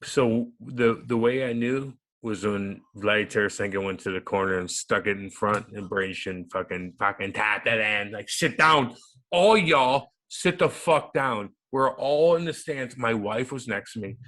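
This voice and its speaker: A man's voice: fairly low pitch, normal speed, hardly any pauses. Boisterous, profane ex-hockey man. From United States. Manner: profane, boisterous, animated storytelling. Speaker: former hockey enforcer, radio host. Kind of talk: storytelling interview.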